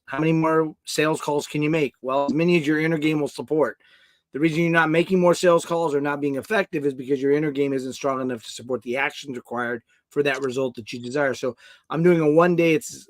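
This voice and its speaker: A man's voice: a little high, no room sound. A male guest on a live show who explains and promotes his online course, with some hesitant fillers.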